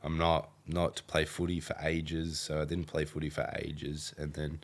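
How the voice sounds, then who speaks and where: A man's voice: rumbling low, monotone, moderate pace. A young Australian man, a podcast guest, rambling through a story with lots of fillers and acted-out quotes. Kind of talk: casual storytelling interview.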